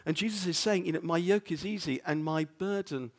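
A man's voice: a little high, a little fast. Earnest male pastor preaching. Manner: earnest, stumbles and repeats words, drops to near-whisper on quotes. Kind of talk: sermon.

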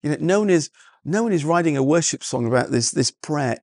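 Man, pastor, sermon, earnest, repeats words, gravelly voice, dry sound. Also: on the high side, animated, brisk, a little mellow, no room sound.

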